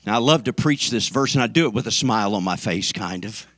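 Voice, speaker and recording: A man preaching a sermon with fervor, swinging from shouted calls to the congregation down to near whispers. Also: fairly low pitch, lively intonation, brisk, no echo. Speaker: pastor.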